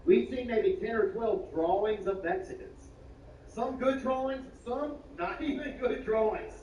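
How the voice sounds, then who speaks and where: A man telling a stand-up story with lots of energy. He swings from hushed asides to loud bursts and uses slang and swearing. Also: sits high, lively intonation, moderate pace. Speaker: stand-up comedian. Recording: roomy, distant, muffled, with clear background noise.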